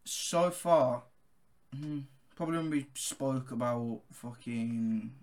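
A man's voice: mid-range voice, takes it slowly, darkish tone. A young man co-hosting a casual podcast, joking around and swearing a lot. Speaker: podcast co-host. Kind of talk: casual chat.

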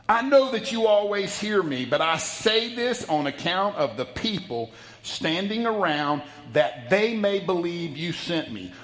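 Male pastor, folksy sermon delivery, higher-pitched voice, dramatic loud-soft swings. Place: church sanctuary.

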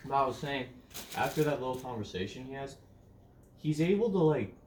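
A man's voice: medium pitch, lively intonation, brisk, darkish tone. A man co-hosting a casual movie review chat, rambling and restarting his thoughts as he goes. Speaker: podcast co-host. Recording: roomy, distant mic, faint hiss.

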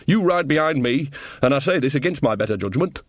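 A man's voice: mid-range voice, expressive, brisk, dry recording, studio quality, natural voice. Old witch woman, earthy and bawdy, blunt rustic talk; male narrator voices her. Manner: blunt, cheeky, rustic grammar.

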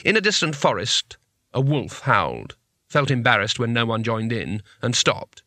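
Brief: male audiobook narrator, wry and measured, bright tone, dry booth sound. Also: medium pitch, very animated, no echo. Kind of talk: scripted narration.

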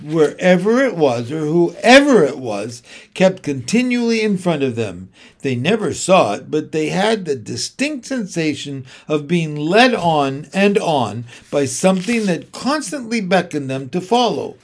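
A man narrating a children's storybook, measured and expressive. His voice is a little high and moves through a wide, lively range. He reads slowly and deliberately. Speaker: audiobook reader.

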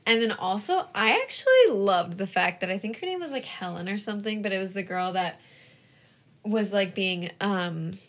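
A young woman co-hosting a podcast speaks in a mid-range voice at a moderate pace. In casual chat, she rambles through an animated retelling of a film, packed with fillers and lots of "like."

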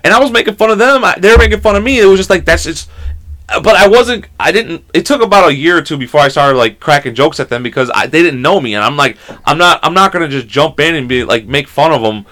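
Fast-talking man telling stories on a podcast. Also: fairly high pitch, expressive, bright, forceful tone. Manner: swearing, storytelling, laughing. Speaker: podcast co-host. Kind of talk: casual chat.

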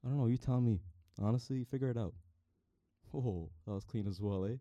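A young man rambling playfully while testing a microphone, now and then breaking into loud shouts. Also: mid-range voice, brisk, dry recording, muffled recording. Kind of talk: casual mic-testing rambling.

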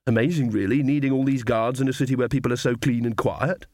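A man's voice: mid-range voice, steady tone, fast, a little mellow, no echo, clean studio sound, lightly acted. A man voicing a young, earnest woman witch with a prim, slightly snippy manner.

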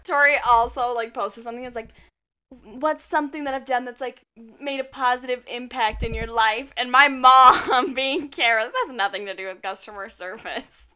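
A woman's voice: on the high side, moderate pace, bright, forceful tone. A young woman co-hosting a podcast in casual chat, rambling, chatty and swearing now and then. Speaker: podcast co-host.

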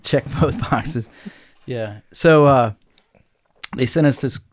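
A man's voice: medium pitch, slow pace. A young man hosting a casual podcast, joking around and laughing often. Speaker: podcast host. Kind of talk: casual chat.

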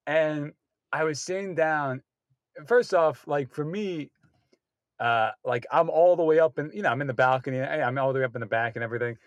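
A man's voice: fairly high pitch, fairly quick, no echo, lo-fi sound. A man in a casual chat, telling long rambling anecdotes that keep restarting, and punching up the quoted lines. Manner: rambling, self-interrupting anecdotes with loud acted quotes. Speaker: guest comedy writer.

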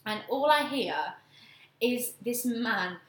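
A young woman casually telling a story on a chat show, animated and laughing often. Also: a little high, slow pace. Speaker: podcast co-host. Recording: echoey room.

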